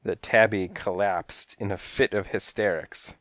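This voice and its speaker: A man's voice: fairly low pitch, fairly even intonation, measured pace, a bit bright, dry recording. A man narrating a comic detective story in the first person, wry and rhythmic, on a close mic. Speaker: audiobook narrator.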